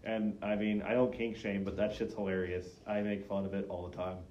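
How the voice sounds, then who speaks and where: A man with a low voice makes dry, sarcastic asides in a casual podcast chat. His sound is roomy and a bit dull, with light noise behind it. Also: little pitch movement, fairly quick, a little mellow. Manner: wry, sarcastic interjections. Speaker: podcast co-host.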